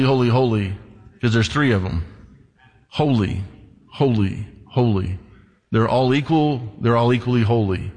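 A man preaches at a middle pitch, talking to his listeners like it's a conversation. He reads scripture aloud and leans on repeated phrases for emphasis. His voice carries a long reverb, like a large hall. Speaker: pastor. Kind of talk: sermon.

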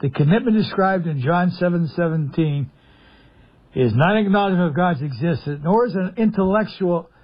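Husky emphatic radio preacher. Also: male voice, high voice, brisk, dull audio. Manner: emphatic, asks and answers his own questions. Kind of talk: radio sermon.

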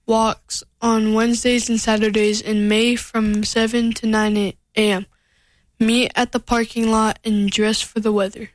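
A woman's voice: on the high side, no echo, low-quality recording. A woman co-hosting a local radio show, reading the announcements and the weather in a plain voice.

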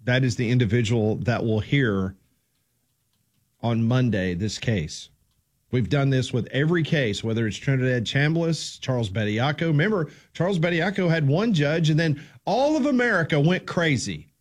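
A man's voice: medium pitch, lively intonation, normal speed. A man hosting a casual sports talk show, making emphatic points and steering the discussion.

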